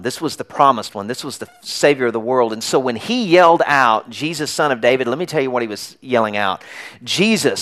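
A middle-aged man preaching a sermon as a church pastor, telling a story with lively acted-out shouts. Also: mid-range voice. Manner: animated storytelling, acting out the crowd's and beggar's shouts.

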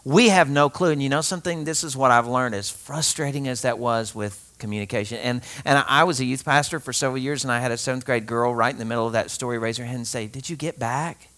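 Casting: male pastor, conversational sermon, animated storyteller who laughs often and talks directly to the congregation. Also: medium pitch, quick pace, few pauses. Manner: conversational, speaks straight to listeners.

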